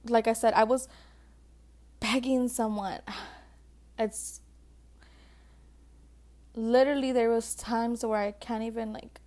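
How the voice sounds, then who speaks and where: A woman's voice: a little high, fairly even intonation, takes it slowly, pauses often, dark tone. A woman vlogger talking casually and emotionally to her viewers about relationships, full of "like" and calling them sis and babe. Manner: chatty, emotional, calls viewers sis and babe, many likes. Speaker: vlogger giving relationship advice. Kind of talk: casual heartfelt talk to viewers.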